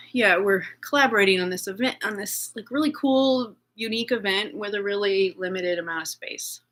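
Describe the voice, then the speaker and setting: A middle-aged woman speaking in a personal video journal, shaken and anxious, talking haltingly with many fillers and restarts. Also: medium pitch, pushed and bright. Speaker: vlogger.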